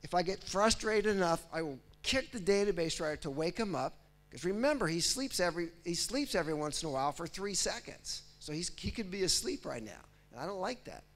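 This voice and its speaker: A man's voice: high voice, fairly quick. A man giving a conference talk. He acts out a computer process in first person and keeps checking in with the audience with "right?" and "okay?". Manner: lively, speaks as if he were the process, often checks in with "right?" and "okay?". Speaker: technical presenter. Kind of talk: conference lecture.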